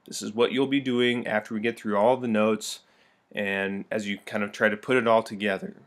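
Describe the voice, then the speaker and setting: A man's voice: fairly low pitch, little pitch movement, normal speed. A young man teaching a recorded lesson, playful and full of joking asides.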